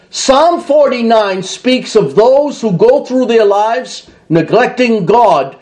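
A man's voice: high voice, darkish tone. A man preaching a sermon, reading scripture aloud and acting out the mockers' voices with feeling. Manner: impassioned preaching with dramatic reading and mock voices. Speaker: pastor.

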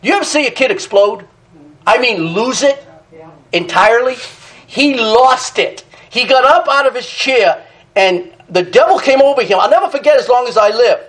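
Brief: middle-aged preacher, high-pitched, dramatic and animated in the pulpit. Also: male voice, moderate pace, low-quality recording. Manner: animated, dramatic, reads scripture in King James wording. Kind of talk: sermon.

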